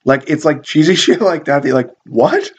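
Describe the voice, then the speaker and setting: A man's voice: a little high, brisk, highs cut off. A man casually reviewing a cult movie, rambling and swearing with lots of fillers and amused asides. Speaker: video reviewer.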